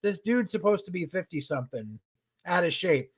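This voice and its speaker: A man co-hosting a podcast, recapping a show in a profane, animated rant. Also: high voice, normal speed, slightly rough. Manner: profane, animated retelling with acted-out quotes. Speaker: podcast co-host.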